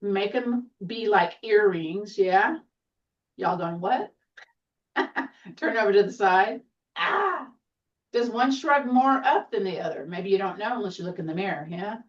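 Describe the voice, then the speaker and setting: A woman teaching a seated tai chi class, giving gentle, encouraging cues with playful exclamations. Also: mid-range voice, normal speed, distant mic, muffled recording. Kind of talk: guided exercise class.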